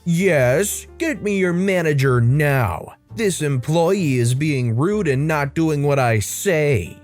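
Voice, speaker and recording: A man's voice: a little high, expressive, takes it slowly, a little mellow, faint music behind. A man reading a story aloud, voicing a rude, entitled woman shopper who barks orders and demands a manager. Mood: bossy. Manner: demanding, bossy and belligerent.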